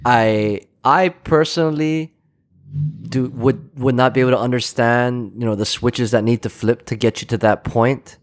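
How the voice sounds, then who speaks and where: A man's voice: medium pitch, steady tone, moderate pace. A man co-hosting a podcast, speaking thoughtfully and tentatively in a casual chat. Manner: thoughtful and tentative, searching for words. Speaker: podcast co-host.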